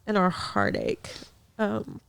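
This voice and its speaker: Heartfelt woman with a gravelly fry. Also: medium pitch, very animated, slow pace. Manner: earnest and heartfelt, with soft laughs and restarts. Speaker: podcast guest, ministry director. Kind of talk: personal faith testimony in conversation.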